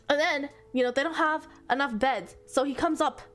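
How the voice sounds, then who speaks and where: Woman, streamer, exasperated, swearing, high voice, faint music behind. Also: normal speed, fairly bright tone. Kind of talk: casual stream commentary.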